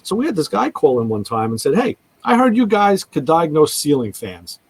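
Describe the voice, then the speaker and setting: Male radio host, husky, slightly higher pitch, animated storyteller, casual chat. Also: normal speed, no room sound, poor audio. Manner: animated storyteller, acts out callers' voices.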